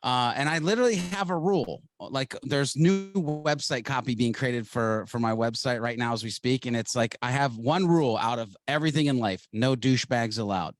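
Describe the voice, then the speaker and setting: A man's voice: medium pitch, normal speed, few pauses, no room sound. Upbeat, emphatic man, dry close sound. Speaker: guest, marketer. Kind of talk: conversational interview.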